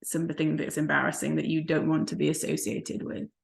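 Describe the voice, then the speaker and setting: A woman's voice: low-pitched, little pitch movement, fairly quick, creaky. A woman, a life coach co-hosting a vlog, telling stories in casual chat and laughing often. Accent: non-American, unplaced. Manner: chatty storyteller who laughs often.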